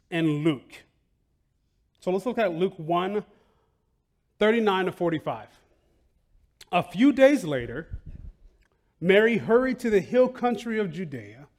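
A man pastor preaching a sermon in a conversational, animated way, laughing often and tossing in "right?" and "like". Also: sits high. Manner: animated, bursts into loud excited outcries, laughs often.

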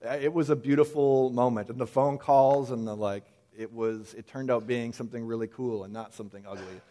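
A man's voice: medium pitch, fairly quick. A man preaching a casual sermon, talking conversationally and acting out quoted voices with frequent restarts. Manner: conversational, animated quoting with repeated restarts. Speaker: pastor.

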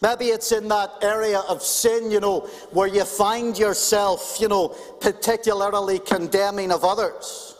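Male preacher, high voice, emphatic and repetitive delivery, big echoing hall. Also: steady tone, unhurried, hardly any pauses. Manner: emphatic, repeats key phrases for stress. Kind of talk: sermon. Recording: long reverb in a large hall.

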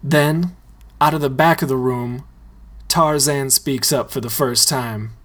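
A man reading a comedic story aloud in a deadpan way. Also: medium pitch, a little slow. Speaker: narrator.

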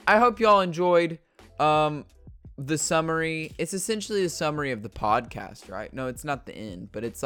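A podcast host in a casual rambling monologue, swearing freely and telling stories in an animated way with many fillers and restarts, talking at a desk indoors. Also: medium pitch, no echo. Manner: profane, ranting storyteller.

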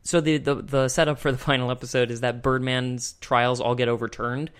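A young man hosts a podcast in a relaxed, rambling way and chuckles often. He speaks into a desk microphone at an ordinary pitch. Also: brisk, clear, resonant tone. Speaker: podcast host. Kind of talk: casual chat.

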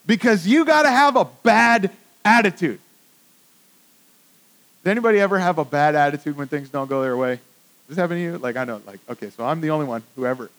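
A man preaching a sermon in a casual, animated way, swinging from excited to hushed. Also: high-pitched, low-quality recording. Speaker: pastor.

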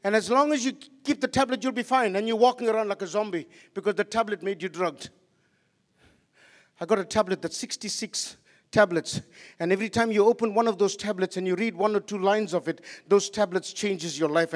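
A man preaching passionately as a pastor, swinging between loud outbursts and quiet asides. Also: sits high, a little fast. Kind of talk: sermon. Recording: long hall reverb.

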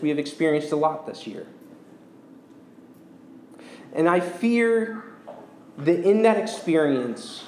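A man preaching a sermon as pastor, earnest and measured, slowing down to stress key words. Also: fairly high pitch, darkish tone, slight background noise. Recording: echoey church room.

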